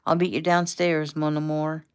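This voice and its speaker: A woman's voice: low-pitched, little pitch movement, normal speed, smooth, close to an everyday voice. A woman reading as a blunt protective husband. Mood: teasing.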